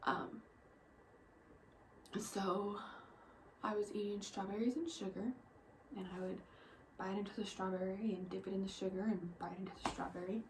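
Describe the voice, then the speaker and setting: Soft-spoken young woman, near a whisper. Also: medium pitch, steady tone, normal speed, pauses often, background noise. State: emotional. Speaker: vlogger. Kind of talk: personal storytelling vlog.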